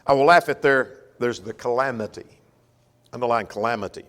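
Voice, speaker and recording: A man's voice: mid-range voice, lively intonation, fairly quick, a bit bright. A man teaching a Sunday Bible class in a folksy way, often checking that the class follows. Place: church. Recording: long church reverb.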